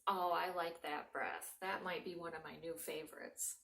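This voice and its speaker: A woman leading young children through a breathing lesson in a soft, encouraging voice that sometimes drops to a whisper. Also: on the low side, steady tone, moderate pace. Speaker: children's librarian leading a mindfulness story time. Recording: roomy home recording from a distance.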